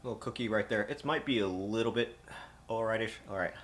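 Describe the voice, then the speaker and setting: A man's voice: on the low side, fairly quick, fairly bright tone, a little hiss or hum. A man streaming live from a home kitchen, winded and tired. He rambles to his viewers and swears often. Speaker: livestreamer. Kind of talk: casual live-stream chat.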